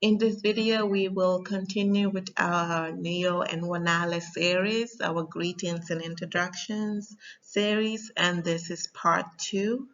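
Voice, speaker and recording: A woman teaching a language lesson, explaining slowly and patiently with frequent pauses and ums. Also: on the low side, steady tone, fairly bright tone, muffled recording. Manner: patient, slow, with frequent ums and spelled-out examples.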